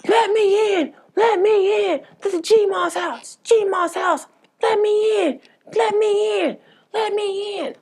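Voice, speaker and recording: A man's voice: very high-pitched, fairly even intonation, takes it slowly, voice pushed up, full character voice. A man voicing a panicked adult man who screams desperately and repeats himself. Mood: frantic. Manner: shrieking, desperate, repetitive.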